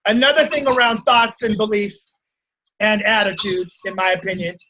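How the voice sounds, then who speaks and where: A man's voice: high-pitched, normal speed, pushed and bright, rough recording. A man leading a group coaching call over video, telling stories and checking in with his listeners for agreement. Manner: storytelling, asks the group for agreement. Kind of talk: casual group coaching talk.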